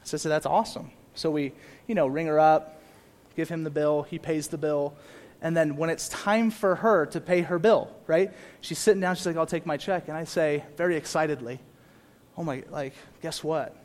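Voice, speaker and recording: A young man preaching a sermon to a congregation, animated, moving between quiet asides and loud emphatic repetition. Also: fairly high pitch, moderate pace. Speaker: pastor.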